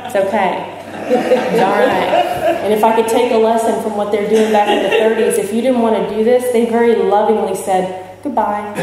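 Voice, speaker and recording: A woman talks at a moderate pace in a steady, medium-pitched voice over a noisy crowd. Her talk at a recovery convention is a candid account of her recovery, with jokes and questions for the audience filling the large hall. The echoey recording sounds distant.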